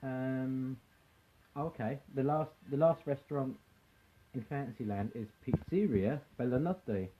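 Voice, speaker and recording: A man's voice: medium pitch, a little slow, phone-quality sound, slight background noise. A man rambling chattily on a live stream, with frequent ums and restarts. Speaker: vlogger hosting a live stream.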